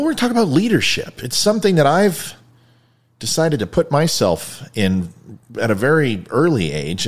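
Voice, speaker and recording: A man hosting his own show, telling a story in a loose, jokey way. His voice sits in a medium register but leaps up and down with lots of life. He shifts between loud bursts and quiet asides. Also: mid-range voice. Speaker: host. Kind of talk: casual storytelling monologue.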